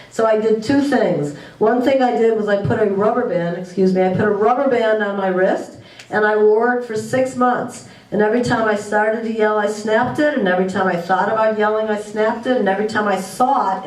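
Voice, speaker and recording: A woman's voice: mid-range voice, darkish tone. A woman giving a presentation to parents, offering earnest advice and checking in with tag questions. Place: school room, recorded from afar. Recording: echoey room, distant mic.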